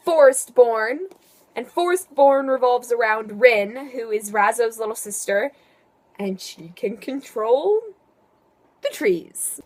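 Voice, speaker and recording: A teenage girl talks through her favourite books in a relaxed home vlog. Her voice sits fairly high and she takes her time. She keeps dropping in playful, sarcastic asides. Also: takes it slowly. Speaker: book vlogger. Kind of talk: casual book review vlog.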